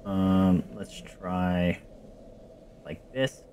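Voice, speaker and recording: A man streaming a video game, reacting with animated exclamations and casual swearing. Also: sits low, very slow, a little hiss or hum. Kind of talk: casual gameplay commentary.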